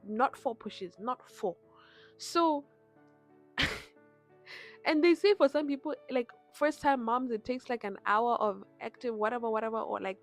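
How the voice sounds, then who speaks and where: A young woman telling her birth story in a vlog, animated and acting out the people she quotes. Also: on the high side. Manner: animated retelling with quoted voices. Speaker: vlogger.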